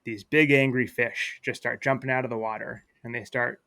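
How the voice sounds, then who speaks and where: A man's voice: mid-range voice, fairly even intonation, normal speed, gravelly, sharp tone, dry recording. A man, a podcast guest, talking casually and reflectively while telling a children's story, with fillers and restarts. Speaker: guest, attorney.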